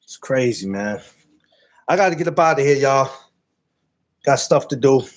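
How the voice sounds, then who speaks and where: A man hosting a podcast in casual banter, loud and joking, repeating himself for effect. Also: medium pitch, lively intonation, normal speed. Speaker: podcast host.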